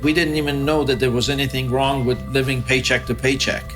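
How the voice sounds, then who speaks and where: A man from Iran sharing his personal story in a reflective, halting way with many fillers. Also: medium pitch, fairly even intonation, over music. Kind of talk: testimonial interview.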